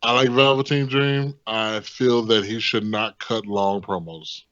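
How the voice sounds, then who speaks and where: A man's voice: lowish voice, fairly even intonation, measured pace, fairly bright tone, no echo, dull audio. A man co-hosting a casual wrestling podcast, blunt and opinionated, swearing casually. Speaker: podcast co-host.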